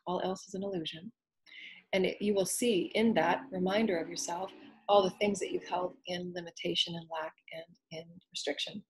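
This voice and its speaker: A woman with a low, breathy voice leads an inspirational spiritual talk. She speaks in earnest, flowing phrases and keeps returning to gentle repeated affirmations, sometimes dropping to a whisper. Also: fairly even intonation, moderate pace. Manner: soft, repetitive affirmations. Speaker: spiritual teacher.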